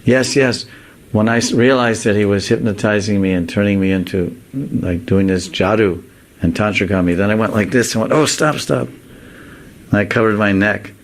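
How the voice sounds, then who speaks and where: A man's voice: lowish voice, moderate pace, close to an everyday voice. A man voicing a playful young male god who fakes a girl's voice, coy and mock-innocent.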